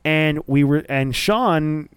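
A man's voice: on the high side, slow, smooth, no room sound. A man hosting a wrestling podcast in a casual, enthusiastic chat, loose and profane, with frequent fillers.

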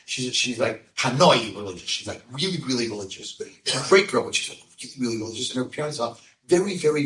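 American rabbi, animated storytelling lecture, mid-pitched, room echo, distant mic. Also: male voice. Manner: animated storyteller, acts out quotes with sudden high voices. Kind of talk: storytelling lecture to a live audience. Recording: echoey room, speaker far from mic.

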